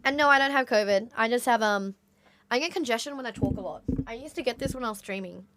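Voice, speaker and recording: An Australian woman game streamer, her nose congested, chats casually to her live audience and rambles through stories packed with "like" fillers. Her voice is a little high and quick, with a noisy background.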